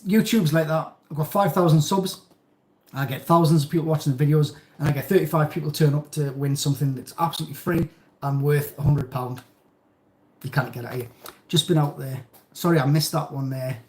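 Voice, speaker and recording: A man's voice: fairly high pitch, darkish tone. A man hosting a fishing channel's live stream, chatting casually with viewers in a rambling way with many restarts.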